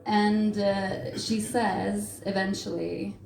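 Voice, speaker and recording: A woman from Latvia doing stand-up on a bar stage, talking slowly and deliberately in a fairly high voice. She is animated and self-mocking, into a handheld mic. The room rings, and a faint murmur sits behind her. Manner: animated, self-mocking, swings to loud outbursts. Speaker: stand-up comedian. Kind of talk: stand-up comedy set. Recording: roomy live venue, faint crowd.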